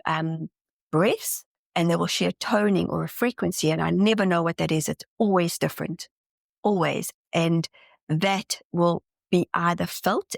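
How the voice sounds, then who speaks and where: A woman's voice: fairly low pitch, vocal fry, no echo, clean studio sound. A woman guest in a casual interview, talking earnestly and enthusiastically, often restarting her sentences. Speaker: podcast guest, spiritual channeler.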